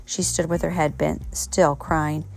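A woman's voice: low voice, little pitch movement, a little slow, gravelly, darkish tone, faint music behind. A woman reading a children's storybook aloud at home, an unpolished reading with slips and self-corrections. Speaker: reader.

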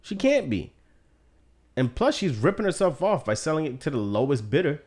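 Animated, profane man chatting about a movie. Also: fairly high pitch, normal speed. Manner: profane, joking, animated storyteller. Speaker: podcast co-host. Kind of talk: casual movie-discussion chat.

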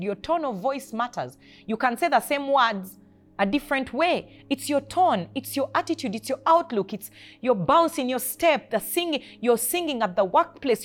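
A woman's voice: high voice, fairly bright tone. A woman hosting a faith podcast, exhorting listeners with short, emphatic commands about attitude at work. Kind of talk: motivational faith talk.

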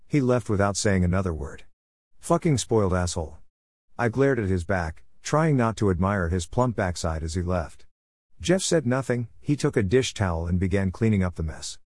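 Man, story narrator, low voice, steady reading, dry close recording. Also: normal speed, no echo. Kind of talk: first-person story narration.

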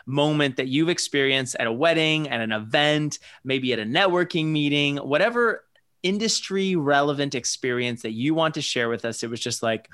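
Man, host, casual interview, bright tone, filler-heavy. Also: on the high side, animated, smooth. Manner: chatty, slows for emphasis, filler-heavy.

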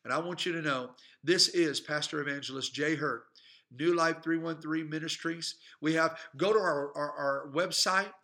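Preacher guy, highish sharp voice, fired up and repeating himself for emphasis. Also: moderate pace. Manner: fervent, emphatic, repetitive preaching cadence. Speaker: pastor and evangelist. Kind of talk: preaching sermon. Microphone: podcast microphone.

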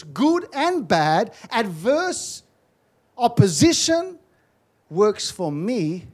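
A man's voice: sits high, darkish tone. A man preaching a sermon as pastor in a church, fervently repeating phrases and calling out hallelujah and amen. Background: music playing.

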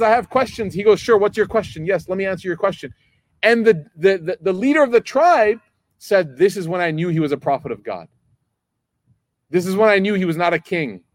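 A man's voice: high-pitched, expressive, fairly quick, no room sound. A man in his thirties giving a religious lecture, telling stories casually and acting out the dialogue. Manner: conversational storytelling, acts out dialogue.

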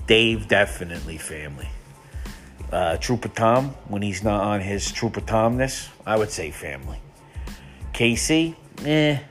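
Male podcast host, lower voice, profane and mocking, rambling trash-talk delivery.

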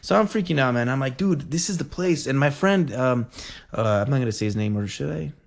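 A man telling a story in a casual, rambling and excitable way, full of fillers. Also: medium pitch, brisk, gravelly, background noise.

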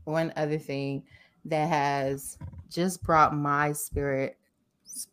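A woman with a lowish voice shares candid personal stories in casual group chat. Her telling is animated and open, as a co-host talking with friends. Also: takes it slowly.

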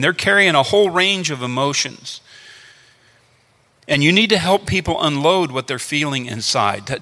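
A man's voice: a little high, pushed and bright. A man preaching a sermon, teaching earnestly and repeating his phrases to drive points home. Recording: long hall reverb.

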